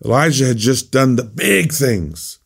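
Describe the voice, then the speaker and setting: Male pastor, gravelly, mid-pitched, earnest devotional teaching with emphatic repetition. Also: big pitch swings, a little slow. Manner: earnest, repeats phrases for emphasis, acts out voices.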